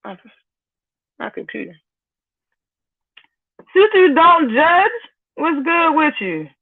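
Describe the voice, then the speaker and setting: A woman's voice: sits high, sing-song, slow pace. A woman hosting a live stream, ranting bluntly and profanely while greeting viewers in the chat. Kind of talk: heated live-stream rant. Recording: phone-like lo-fi audio.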